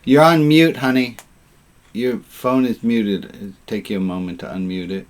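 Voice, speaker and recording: Hosting an informal service over video call, a rabbi with a mid-range voice speaks steadily at a moderate pace. He's jovial and chatty with the congregation, tossing in puns.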